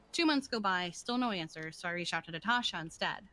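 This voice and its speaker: A woman streamer chatting in character during a roleplay game, ranting in an animated, exasperated way. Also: medium pitch, brisk, few pauses.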